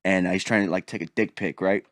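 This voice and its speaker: A man's voice: deep voice, quick pace, no room sound, clean studio sound. A man co-hosting a podcast in casual chat, telling crude stories with lots of laughter. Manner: animated, crude storyteller who laughs often. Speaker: podcast co-host.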